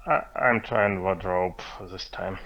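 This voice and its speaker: A man playing a tabletop game, speaking haltingly and fumbling for words. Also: low voice. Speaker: player. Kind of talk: casual tabletop play. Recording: lo-fi dull mic.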